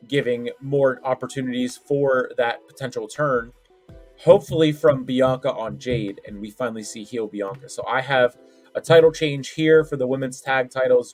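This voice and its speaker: A man's voice: medium pitch, darkish tone. Hesitant man co-hosting a wrestling podcast. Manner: hesitant, many fillers and restarts. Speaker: podcast co-host. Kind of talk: casual wrestling chat.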